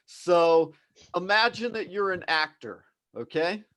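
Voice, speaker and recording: A man's voice: high voice, slow pace, fairly bright tone, rough recording. A man hosting a live online English class, explaining things in an encouraging, conversational way.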